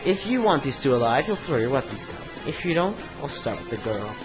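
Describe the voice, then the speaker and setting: A man voicing a gruff male bandit in a game, menacing and sneering. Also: medium pitch, sing-song, a little fast, music in the background, natural voice.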